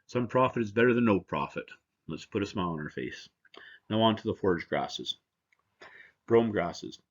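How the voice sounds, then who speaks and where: A man presents at a seminar as a representative of a seed company, talking conversationally and cracking jokes. His voice is lowish and the audio sounds dull.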